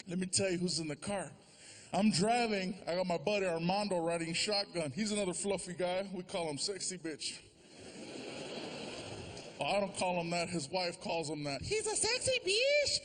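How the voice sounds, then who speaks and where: A man doing stand-up comedy on stage, telling a long story and acting out the voices of the people in it. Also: high-pitched. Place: large theater before a live audience. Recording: live show with loud crowd noise.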